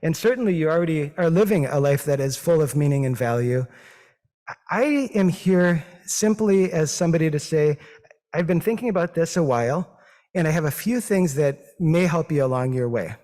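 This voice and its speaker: A man with a Midwestern accent, a physician giving a thoughtful, modest talk with slides, pausing often with fillers. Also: on the high side, animated, warm tone. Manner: thoughtful, hesitant, with many fillers; modest and self-deprecating. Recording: long reverb of a hall.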